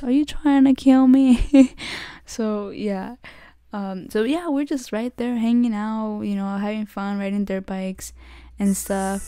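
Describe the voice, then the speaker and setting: A woman's voice: medium pitch, mellow, no room sound, studio quality. A young woman hosting her podcast, telling a story in a rambling casual way, full of "like" and frequent restarts. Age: young adult. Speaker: podcast host.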